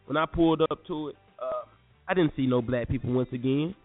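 A young man from North Carolina, animated and slangy, telling a story to listeners as a podcast host. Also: mid-range voice, a little fast. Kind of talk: casual storytelling. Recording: phone-like lo-fi audio with faint music.

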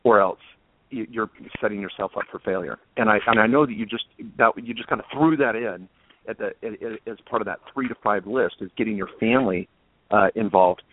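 A man's voice: fairly low pitch, brisk, a little hiss or hum. A man hosting a talk show panel, speaking in an effusive, casual way and often repeating words. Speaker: host. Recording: tinny phone-like line, dry.

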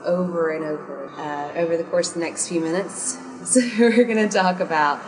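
A woman with a slightly low voice opens a podcast in an upbeat, welcoming way. Clear music plays beneath her. The feel is of a show's introduction. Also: normal speed, rough recording. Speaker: podcast co-host.

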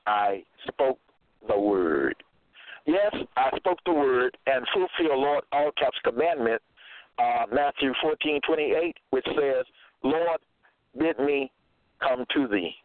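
A man preaching slowly and deliberately, citing scripture verses and checking in with his listeners. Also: fairly high pitch, no echo. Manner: deliberate, cites verses, repeats "okay?". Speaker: self-styled religious teacher. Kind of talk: slow scripture-citing sermon. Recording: tinny phone-like dry sound.

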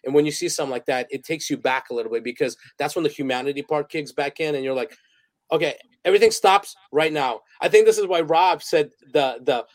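A man's voice: a little high, fast, few pauses, dry recording. A man guest on a podcast interview, telling rambling, emotional stories in a casual way and acting out what people said. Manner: animated, rambling storyteller; emotional, acts out quotes. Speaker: guest photographer and director.

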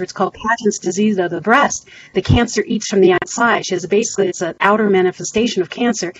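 A middle-aged woman, a guest on a podcast interview, telling her story earnestly and acting out quoted voices. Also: mid-range voice. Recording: slightly dull audio with faint hiss.

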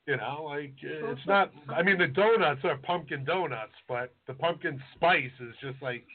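A man co-hosting a podcast, talking in an offhand, filler-heavy way. His voice is fairly high. It sounds thin and phone-like. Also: moderate pace, a crowd in the background. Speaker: podcast co-host. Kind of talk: casual chat.

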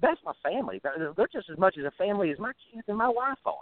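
A man's voice: sits high, big pitch swings, quick pace, dry recording. A man with a rural American drawl, ranting bluntly and with a lot of profanity as a musician guest in an interview, stumbling over his words as he goes. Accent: rural American Southern-style drawl. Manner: blunt, profane, fired-up ranting with many restarts. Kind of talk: phone interview. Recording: tinny phone line, dry.

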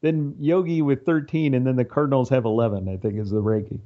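A man's voice: medium pitch, fast. A man in casual chat as a podcast guest, easygoing and agreeable. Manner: easygoing, mostly short agreeing replies. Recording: slightly dull lo-fi recording.

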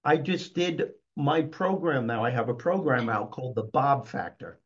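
A man's voice: medium pitch, animated, moderate pace. An older man, a motivational speaker and guest, talking emphatically and upbeat in a conversational interview. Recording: dull lo-fi recording.

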